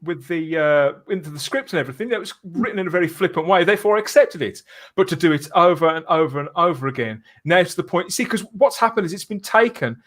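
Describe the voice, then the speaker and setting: A man's voice: a little high, expressive, fast talker, a bit bright. A man guest on a casual podcast, talking in a chatty, earnest way and laughing easily.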